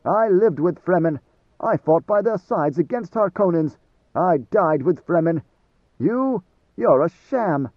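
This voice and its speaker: A man voicing a proud warrior in an audiobook, speaking in forceful, scornful bursts. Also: a little high, lively intonation, normal speed, few pauses, no echo, lo-fi sound, voice pushed up. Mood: contemptuous. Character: proud, contemptuous warrior man, disgusted with fakes.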